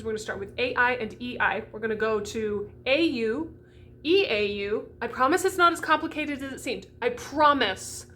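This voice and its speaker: A woman voice coach teaching French diction for singers, bubbly and animated, sounding out vowels as she goes. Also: on the high side, fairly quick, a little hiss or hum. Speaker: classical voice coach.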